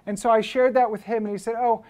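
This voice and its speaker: A man's voice: high voice, fairly even intonation, fast talker, darkish tone. A man, a photographer and book publisher, giving an anecdotal lecture to students at a school, telling stories in a conversational way with many fillers and restarts.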